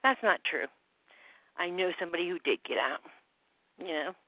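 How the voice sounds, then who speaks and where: A woman on a group phone call, slightly out of breath, talking in a halting way that trails off with many fillers. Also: fairly low pitch, no echo. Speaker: call participant. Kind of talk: rambling phone call chat. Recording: dry phone-line audio.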